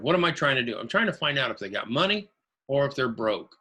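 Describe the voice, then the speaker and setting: A man's voice: mid-range voice, very animated, quick pace, pushed and bright, husky. A man from Ohio teaching a real estate webinar, repeating his key phrases in an emphatic coaching way. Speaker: real estate investing instructor.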